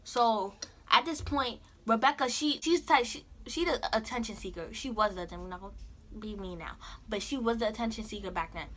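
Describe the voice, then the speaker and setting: A young woman vlogger telling a school story in casual, animated chat with a friend. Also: a little high, brisk. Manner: animated, talks over her friend.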